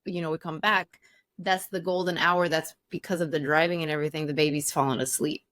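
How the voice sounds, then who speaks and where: Woman, 30s, podcast co-host: lowish voice, chatty and laughing, dry close mic. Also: fairly even intonation, a little fast, fairly bright tone, no echo. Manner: laughing, chatty, swears casually. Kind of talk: casual chat.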